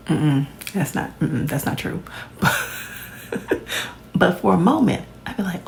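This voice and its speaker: A woman's voice: on the low side, lively intonation, measured pace, creaky, pauses often, darkish tone, slight background noise, poor audio. A woman, chatting casually to camera as a vlogger, laughing often and adding playful asides. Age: 40s.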